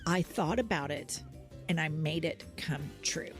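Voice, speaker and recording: A woman's voice: low voice, a little slow, music in the background. A woman co-hosting a podcast, teasing and cutting in a dry way. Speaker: podcast co-host. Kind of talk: casual podcast chat.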